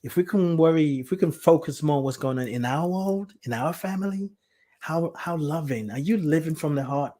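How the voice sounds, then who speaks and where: This podcast host's voice is fairly high and warm, and he talks fairly quickly. Hosting a spiritual talk show, he reads listener comments aloud in a heartfelt, emotional manner, repeating himself often.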